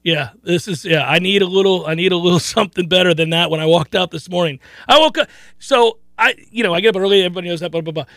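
A man hosts a sports talk radio show in a noticeably high voice. He talks casually and with excitement, often laughing and repeating himself. The sound is close and dry, straight into a studio microphone. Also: quick pace, gravelly, no echo.

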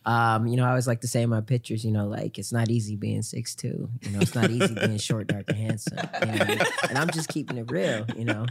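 A man guesting on a podcast, talking in a laid-back, smooth, chill way in casual chat. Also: medium pitch, fast, few pauses, heavy background noise.

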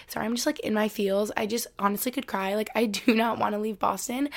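A woman's voice: mid-range voice, flat delivery, a little fast. A woman in her twenties from Albany, New York, hosting a casual solo podcast from her bedroom floor, chatty and rambling with lots of "like". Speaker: podcast host.

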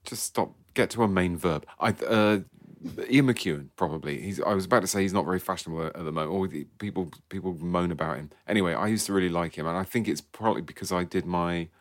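A man in his forties, a guest author, chatting in a wry, self-deprecating way with halting restarts. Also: low voice, dry recording. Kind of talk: casual interview chat. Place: studio.

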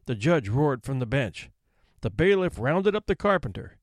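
An expressive male storyteller reads a classic tale with a lively, swooping delivery in a slightly high voice. The recording is close and dry, with no room sound. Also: moderate pace, dry recording. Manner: expressive, theatrical reading. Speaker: narrator. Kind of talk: storybook narration.

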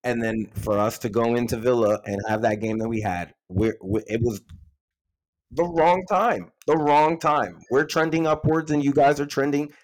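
A man with a voice worn hoarse from shouting debates a match result on a podcast. He talks in an excited, argumentative way, swearing often as he defends his side. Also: mid-range voice, normal speed, poor audio. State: hoarse from yelling. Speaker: podcast co-host, City fan. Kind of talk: heated casual football debate.

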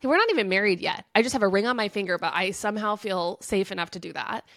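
A woman's voice: mid-range voice, fast, fairly bright tone, no echo. A woman co-hosting a pop culture podcast in casual chat, nasal and congested from a cold, chatty and self-deprecating. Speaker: podcast co-host.

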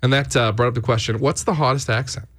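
A man's voice: medium pitch, fast talker. A man hosting a morning radio show, chatting casually and joking with a co-host and callers. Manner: jokey, animated, puts on silly accents.

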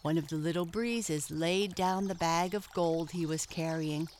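Woman narrator, gentle storybook read, slow, slightly low pitch. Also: slight background noise.

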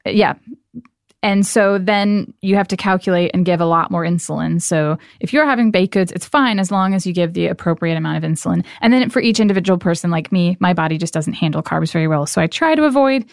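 Smooth-voiced woman explaining earnestly. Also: on the low side, fairly quick, dry recording, studio quality. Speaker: guest, nonprofit founder. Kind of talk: conversational interview.

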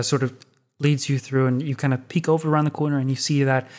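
A man narrating a tabletop role-playing game as game master, in a calm storytelling manner. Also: medium pitch, quick pace.

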